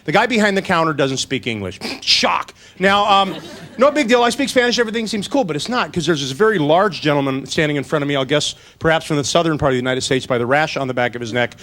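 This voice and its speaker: A man performing a stand-up comedy routine, joking in a quick storytelling way and briefly putting on voices for the people in his stories. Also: fairly high pitch, lively intonation, fairly bright tone.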